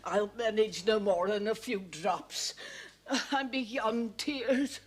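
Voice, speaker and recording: A woman's voice: medium pitch, slow, natural voice. An actress playing a stern older village woman who organises the local flower festival, blunt and indignant.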